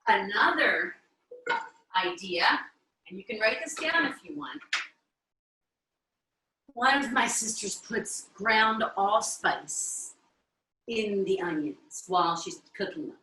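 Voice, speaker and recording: A woman's voice: mid-range voice, lively intonation, slow, pauses often, bright, forceful tone, reverberant, low-quality recording. Chatty Italian-American woman cooking live. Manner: chatty, checks in with viewers often. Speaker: cooking show host. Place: home kitchen.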